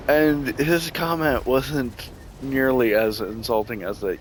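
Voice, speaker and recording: A man's voice: mid-range voice, a little slow, a little hiss or hum, low-quality recording. A man telling a story in casual, profane chat, laughing often and acting out what people said. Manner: profane, laughs often, acts out quoted dialogue. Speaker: gaming channel host.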